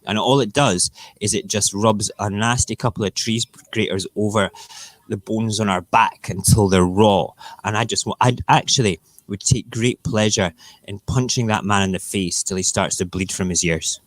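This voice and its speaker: A man's voice: fairly low pitch, no room sound. A Scottish man hosting a live morning talk stream, ranting bluntly and swearing freely. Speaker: live show host.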